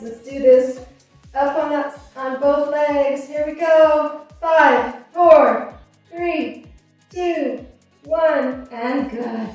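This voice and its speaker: A woman's voice: high-pitched, darkish tone. A woman in her fifties leading a core workout, out of breath, encouraging and coaching through each exercise. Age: 50s. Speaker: fitness instructor. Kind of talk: workout instruction. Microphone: clip-on mic. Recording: echoey room, mic far off, music behind.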